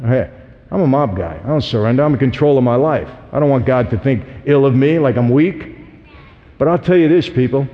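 A man's voice: medium pitch, brisk. A man giving an earnest, emphatic personal testimony to an audience, telling his story straight to the listeners. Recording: dull lo-fi audio with long hall reverb.

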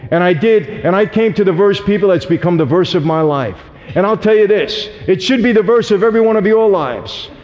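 A man tells his life story to an audience with earnest emphasis, addressing the listeners directly. His voice sits a little high. The lo-fi recording sounds dull and rings with the long reverb of a large hall. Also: animated, a little fast, few pauses, a little mellow. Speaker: speaker giving a testimony. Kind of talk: personal testimony to an audience.

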